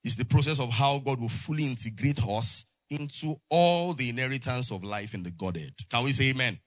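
A man's voice: mid-range voice, brisk, no room sound. A man preaching a sermon to his congregation, prompting them with call-and-response and frequent amens. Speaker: pastor. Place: church.

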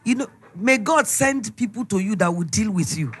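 A middle-aged woman with a Nigerian accent, giving an emphatic, animated preaching testimony. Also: mid-range voice, moderate pace, noisy background. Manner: storytelling, emphatic, animated retelling.

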